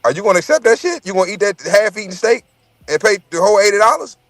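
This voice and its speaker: A man's voice: high voice, animated, fast, fairly bright tone, dry recording. A man in casual chat, telling profane, rambling stories and repeating his words as he goes.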